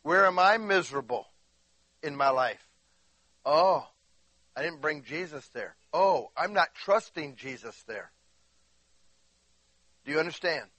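A high-voiced man preaches with a bright, tense edge. He is emphatic and moves from quiet asides to shouting and crying peaks while speaking through bodily pain. The sound is dry and close, with little room echo. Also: animated, measured pace, long pauses. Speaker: pastor. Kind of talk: sermon.

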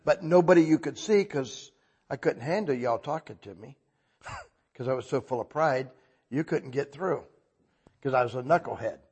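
A man preaching a sermon, talking conversationally and checking in with listeners, swinging between soft confessional passages and loud, emphatic bursts. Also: mid-range voice, animated, moderate pace, pauses often, husky.

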